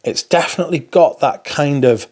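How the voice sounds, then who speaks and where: A man's voice: fairly high pitch, normal speed, darkish tone. A man giving a casual first-impressions review, chatty and rambling, swearing now and then as he rants. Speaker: fragrance reviewer.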